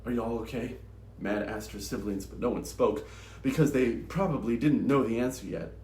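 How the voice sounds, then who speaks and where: A man hosting a book channel, reading passages from a novel aloud in an expressive, dramatic way and acting out the dialogue. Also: mid-range voice, normal speed, reverberant. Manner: animated, acts out dialogue with shouts. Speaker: booktube host reading from novels.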